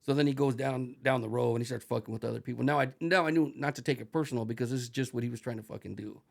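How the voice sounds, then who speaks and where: Middle-aged retired corrections officer, gravelly and profane, livens his stories with acted-out voices. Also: medium pitch, very fast. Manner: profane, animated, acts out voices in anecdotes. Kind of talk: casual storytelling.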